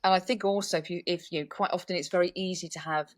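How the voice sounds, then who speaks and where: A woman's voice: on the low side, fairly even intonation, quick pace, no echo, studio quality. A woman hosting a podcast, chatting casually and poking fun at herself. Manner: chatty, friendly, self-deprecating. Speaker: podcast host. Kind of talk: casual interview chat.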